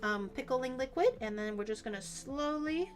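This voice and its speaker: A woman's voice: high voice, lively intonation, moderate pace, soft background music. A woman streaming herself cooking in a home kitchen, chatting casually, rambling through explanations and swearing now and then.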